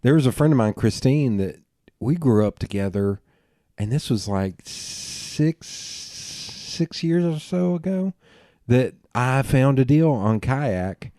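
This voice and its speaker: A man with a Southern US accent hosting a podcast, telling rambling, animated anecdotes in casual conversation. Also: mid-range voice, a little slow, no room sound, clean studio sound. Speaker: podcast host.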